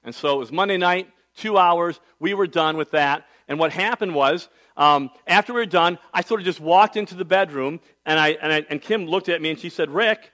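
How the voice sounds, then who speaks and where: Higher-voiced man preaching a sermon. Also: fairly quick, few pauses. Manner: conversational storytelling with wide swings in loudness. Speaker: pastor.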